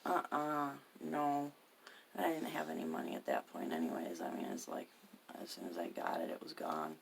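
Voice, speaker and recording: Woman with a deep, rough voice, angrily recounting a run-in, cursing freely and sometimes whispering. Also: sing-song, fast talker, background noise. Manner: agitated, swears constantly, drops into whispers. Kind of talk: profane personal storytelling.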